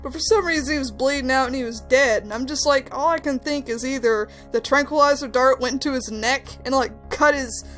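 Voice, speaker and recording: A young woman chats about a video game, her voice sitting a little high and jumping up when she gets worked up over a story. Faint background music plays under her. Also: fairly quick, hardly any pauses. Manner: animated storyteller, rising to high exclamations. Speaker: host. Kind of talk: casual game discussion.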